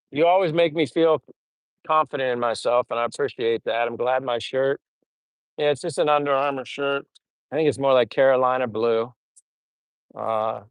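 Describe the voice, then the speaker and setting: Brief: middle-aged American man, easygoing livestream host, rambling chat with fillers, smooth clear voice, dry close recording. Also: a little high, no echo. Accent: General American. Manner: relaxed, rambling, many fillers. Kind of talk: casual livestream chat, reading comments.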